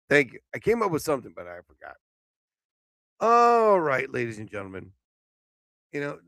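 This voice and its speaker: A man hosting a casual live stream show, sleepy and yawning, rambling with loud outbursts and swearing. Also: medium pitch, no echo.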